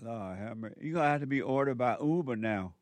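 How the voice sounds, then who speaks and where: A man's voice: medium pitch, animated, fast talker, no room sound. A man hosting a call-in radio show, giving spiritual advice in a drawling, preachy way with frequent chuckles.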